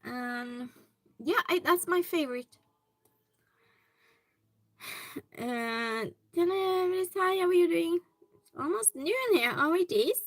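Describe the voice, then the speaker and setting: A woman's voice: very high-pitched, expressive, takes it slowly, long pauses, no echo, poor audio. A woman hosting a hobby livestream from her home hobby room, chatting casually and greeting viewers by name as she reads their comments.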